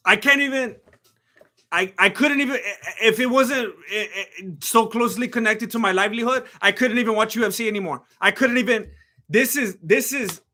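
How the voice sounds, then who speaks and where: A man hosting a live fight watch-along, firing excited, incredulous questions at his chat. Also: high-pitched. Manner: talks to the chat with rapid questions. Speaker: livestream host reacting to fights.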